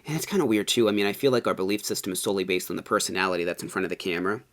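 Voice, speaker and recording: A man co-hosting a casual chat, rambling with lots of filler words and getting animated when he rants. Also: low voice, racing. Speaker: co-host.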